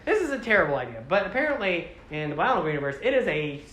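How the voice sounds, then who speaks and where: Animated rambling woman presenter. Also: on the low side, racing, roomy sound. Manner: rambling, animated, acting out character voices. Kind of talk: casual lecture to a live audience.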